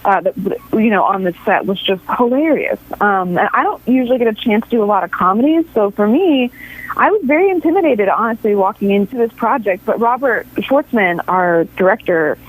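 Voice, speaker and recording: A woman's voice: mid-range voice, lively intonation, brisk, poor audio. Woman, thirties, from new york, chatty, giggly, lots of ums and restarts. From New York City. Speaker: actress guest. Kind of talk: casual interview chat.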